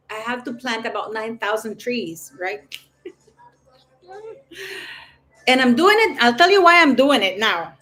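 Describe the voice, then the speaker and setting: Chatty woman livestream host, slightly high. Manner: rambling, chatty, lots of "you know". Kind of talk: casual livestream chat.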